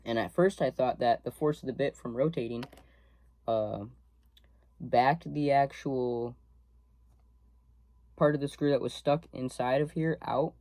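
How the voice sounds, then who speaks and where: A young man, a student in a workshop, casually talks through each step of a hands-on task while he works, recorded on a camera mic. His mid-range voice is unhurried and darkish, with frequent pauses and no room sound.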